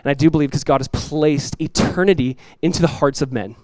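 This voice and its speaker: A man in his thirties, a pastor giving a sermon in a relaxed, conversational way, telling stories with asides. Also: a little high, fairly quick, dry recording, rough recording. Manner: conversational, animated storytelling with asides.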